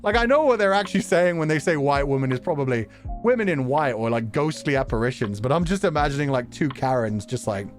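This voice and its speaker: A man chatting casually on a livestream, jokey and quick to laugh as he reads out donations. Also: a little high, soft background music. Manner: animated, laughs often, jokey. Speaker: streamer.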